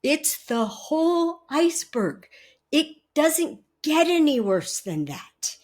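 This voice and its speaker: A woman with a high, bright-pitched voice talks as an interview guest. She tells stories animatedly, laughs often and acts out what others said. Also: sing-song, slow pace. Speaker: guest relationship educator. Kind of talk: conversational interview storytelling.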